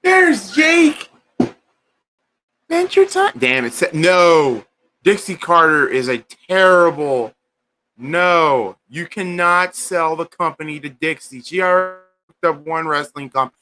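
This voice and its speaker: A man hosting a casual livestream, chatting and ranting in an animated, exasperated way. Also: a little high, measured pace, a little hiss or hum. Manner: animated, exasperated rants with bursts of singing. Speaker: livestream host.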